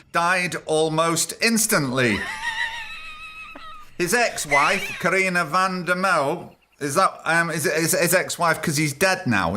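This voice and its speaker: A man's voice: fairly high pitch, sharp tone, slight background noise. A man hosting a podcast, giving irreverent, sarcastic, rambling comic commentary on news stories. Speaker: podcast host.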